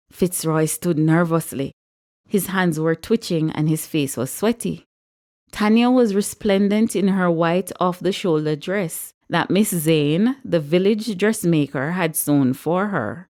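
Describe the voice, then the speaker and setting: A woman narrates a story, her voice sitting lower than most. She reads at a measured pace, expressive but steady. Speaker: audiobook narrator. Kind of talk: storybook reading.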